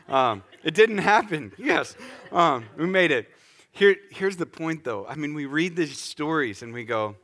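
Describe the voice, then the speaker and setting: Lively, bright-voiced man preaching. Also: on the high side, normal speed. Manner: lively, conversational, acts out scenes. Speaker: pastor. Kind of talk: sermon.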